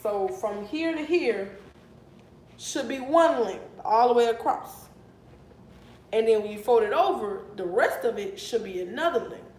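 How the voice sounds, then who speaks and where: A woman in her twenties telling a casual storytime vlog, animated and outraged, cursing as she talks. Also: a little high, a little slow. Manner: animated, outraged storytelling with swearing and acted quotes. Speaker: vlogger. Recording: echoey room with faint noise.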